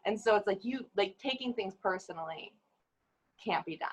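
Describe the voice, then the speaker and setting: A woman's voice: medium pitch, normal speed, husky, poor audio. A woman who works as an advocate for abuse survivors, speaking candidly and with animation on a webinar panel over a video call. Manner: candid, animated, with laughs and acted quotes.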